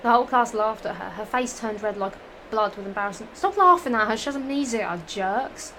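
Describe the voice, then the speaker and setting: A woman's voice: on the high side, fairly quick, pushed and bright, a little hiss or hum, poor audio. A woman reading fan fiction aloud, breaking off into giggly, profane, rambling asides.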